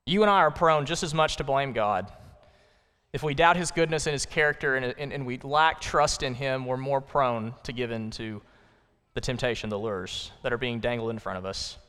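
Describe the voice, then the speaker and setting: Resonant preacher in a reverberant church. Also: male voice, mid-range voice, moderate pace, pushed and bright, smooth. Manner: conversational, emphatic preaching with rhetorical questions. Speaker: pastor. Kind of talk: sermon. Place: church sanctuary. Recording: long church-hall reverb.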